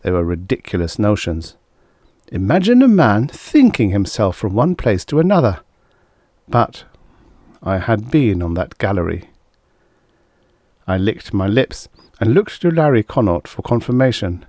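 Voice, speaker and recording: A man reading a vintage science fiction story aloud in steady first-person narration. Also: on the low side, a little slow, long pauses, no echo, studio quality. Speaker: audiobook reader.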